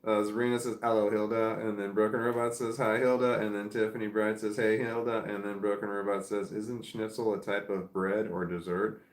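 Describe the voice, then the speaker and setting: A man's voice: on the low side, level tone, a little fast, hardly any pauses, reverberant. A man hosting a livestream, chatting casually and reading out viewer comments, rambling with many restarts. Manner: rambling, with frequent restarts and filler. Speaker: livestream host.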